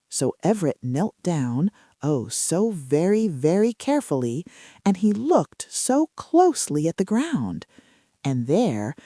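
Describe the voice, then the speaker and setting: A woman narrating a bedtime story in a soft, chatty way with casual fillers. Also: fairly low pitch, dry recording, clean studio sound.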